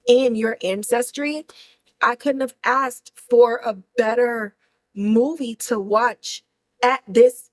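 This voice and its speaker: A woman hosting a podcast, recapping a film in animated, slangy, casual chat. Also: a little high, rough recording. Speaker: podcast host reviewing a film.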